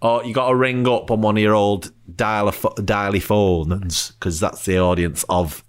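A man's voice: on the low side, steady tone, moderate pace, clear, resonant tone. A man co-hosting a comedy podcast, joking and riffing with many laughs. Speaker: podcast co-host. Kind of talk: comedic casual chat.

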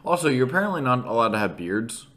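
A man's voice: mid-range voice, big pitch swings, quick pace, fairly bright tone. A young adult man co-hosting a podcast in casual chat, mostly chiming in with short agreeing remarks. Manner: brief agreeing interjections, laid-back. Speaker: podcast co-host.

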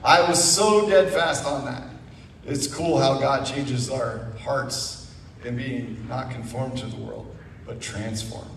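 A middle-aged man telling his testimony as a guest speaker at church, animated with asides. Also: medium pitch, takes it slowly, gravelly, background noise. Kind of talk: personal testimony. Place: church sanctuary. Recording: echoey room, mic far off.

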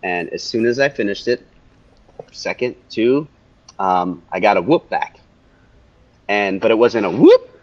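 Casting a lowish-voiced middle-aged man, excitable storyteller, muffled lo-fi sound. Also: moderate pace, long pauses. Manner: animated, repeats phrases for emphasis. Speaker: interview guest. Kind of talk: telling a personal story. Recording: dull lo-fi audio.

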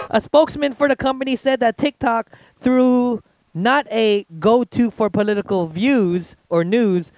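A man co-hosting an improvised comedy stream, reading a news article in a laid-back way with some stumbles. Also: high voice. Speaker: comedy show co-host.

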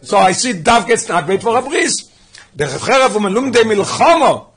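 A man's voice: sits high, sing-song, moderate pace, a bit bright, husky. A man teaching a religious text class, working through sources with repeated questions and mixing English with Hebrew and Yiddish terms. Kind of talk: lesson on a Talmudic text.

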